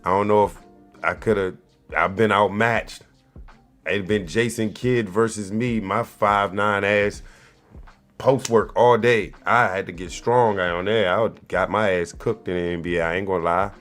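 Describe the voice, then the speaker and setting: A man's voice: fairly low pitch, fairly even intonation, a little slow, fairly bright tone, soft background music. A man in his forties hosting a show, giving loose, profane commentary in street slang. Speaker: show host. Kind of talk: casual commentary.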